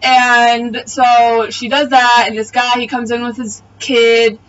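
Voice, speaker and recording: A woman's voice: a little high, little pitch movement, takes it slowly, fairly bright tone, recorded from a distance, highs cut off. A woman giving a casual, blunt and profane spoken recap of a TV episode. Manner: blunt, profane, exasperated retelling. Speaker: TV episode reviewer. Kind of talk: casual video review recap.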